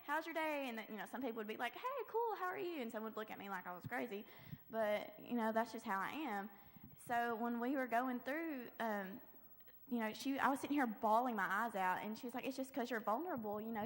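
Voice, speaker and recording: Teen girl giving chatty church testimony. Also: a little high. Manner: chatty, lots of "I was like" quotes. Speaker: youth group member giving testimony. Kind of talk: personal testimony. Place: church sanctuary. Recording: long church hall reverb.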